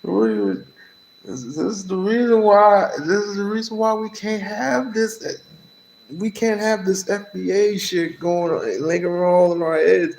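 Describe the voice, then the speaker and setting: A man co-hosting a call-in livestream, delivering slow, deliberate, lecturing commentary. His voice is gravelly with vocal fry and sits a bit higher than most men's. The room around him rings with echo. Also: darkish tone, a little hiss or hum. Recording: roomy echoey room.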